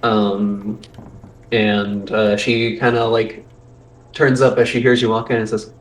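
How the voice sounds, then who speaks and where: A man's voice: lowish voice, flat delivery, slow pace, poor audio. A young man narrating a tabletop game as game master, casual and full of fillers.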